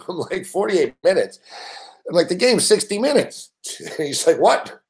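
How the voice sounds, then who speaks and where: A man's voice: a little high, expressive, moderate pace. A man hosting a sports betting show, telling a story in a casual way, swearing constantly and laughing often.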